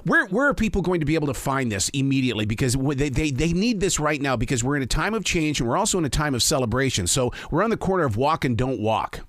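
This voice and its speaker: A man's voice: mid-range voice, very animated, fast, few pauses, a bit bright, dry recording. Enthusiastic male host, long wandering questions, dry close sound. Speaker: interview host. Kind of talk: casual interview chat.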